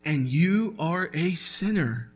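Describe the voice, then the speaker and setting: A man's voice: fairly high pitch, animated, slow, husky. A man preaching a sermon as pastor, earnest and building to emphatic peaks.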